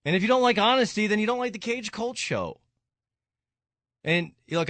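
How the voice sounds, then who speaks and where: A radio host speaks with a grieving, raw honesty, his pitch swinging widely as his feelings shift. The studio sound is close and dry, with no room echo. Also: lively intonation, normal speed, fairly bright tone. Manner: raw, grieving, rises to anger. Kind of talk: emotional radio talk.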